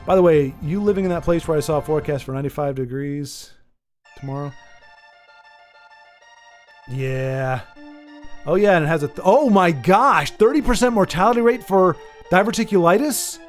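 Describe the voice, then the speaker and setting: An American man talks casually to his stream audience, starting sentences over and wandering between topics. His voice sits a touch higher than most men's. Faint music plays in the background. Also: moderate pace, long pauses. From United States. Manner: rambling, many restarts, sympathetic. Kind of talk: casual chat with viewers.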